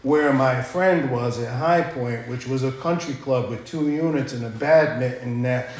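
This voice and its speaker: A man's voice: medium pitch, unhurried. Man, recovery talk, blunt and profane, storytelling, mid-range voice, very echoey room, faint background hum. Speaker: speaker sharing his recovery story.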